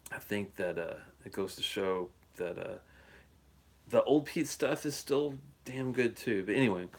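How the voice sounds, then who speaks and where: A man hosting a casual live whisky show, talking in a rambling, chatty way with lots of fillers and chuckles. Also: medium pitch. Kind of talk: casual live-stream chat. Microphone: phone or handheld device he plugs in and holsters.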